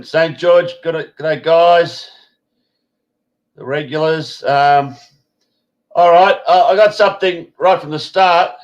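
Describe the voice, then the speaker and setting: A man's voice: a little high, highs cut off. A man hosting a live-stream chat, rambling and swearing casually. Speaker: host.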